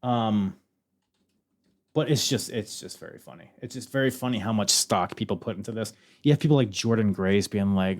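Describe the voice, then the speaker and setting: A man hosting a podcast alone, excitedly recapping a wrestling match move by move and swearing freely. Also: on the low side, moderate pace. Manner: excitable, swears freely, calls moves like a commentator. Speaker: podcast host.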